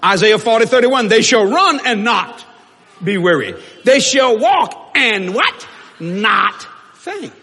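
High husky man, lively swooping pitch, church hall reverb, preaching. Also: takes it slowly. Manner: animated, shouting in bursts, joking, acting out quotes.

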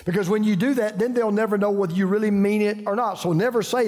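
A man's voice: high-pitched, quick pace, darkish tone. Older Southern man preaching in a hall. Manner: folksy, storytelling, frequent restarts. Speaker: pastor. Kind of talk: sermon.

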